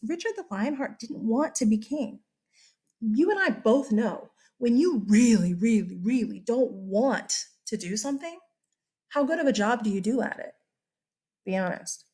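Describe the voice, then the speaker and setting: A woman history teacher lectures in a loose, chatty way. She corrects herself as she goes and keeps turning to the class with quick questions. Her voice sits a little on the high side. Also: mellow. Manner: chatty, self-correcting, asks students questions.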